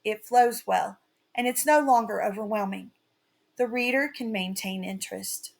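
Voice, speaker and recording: A woman teaching a writing lesson in a slow, carefully read-out, scripted delivery. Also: mid-range voice, vocal fry.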